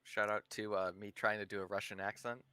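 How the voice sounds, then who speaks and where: A man's voice: lowish voice, level tone, fairly quick, sharp tone, smooth, no room sound. A man among the players, talking in a joking, offhand way. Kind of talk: casual chat.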